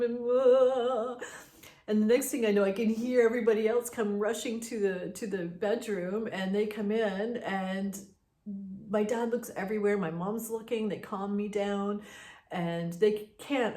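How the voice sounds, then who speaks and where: A woman's voice: mid-range voice, normal speed, warm tone. A woman casually telling a personal ghost story in a chatty, conversational way. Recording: roomy echo.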